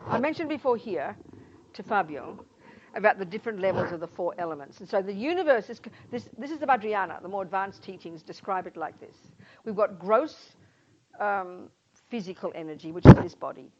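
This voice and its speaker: A Buddhist nun teaching a class in an informal, emphatic way, often acting out little scenes as she explains. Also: mid-range voice. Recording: dull lo-fi sound, faint noise.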